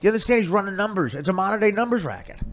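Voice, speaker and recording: A male podcast host in crude, rapid-fire comedy banter, roasting his guest. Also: sits high, animated.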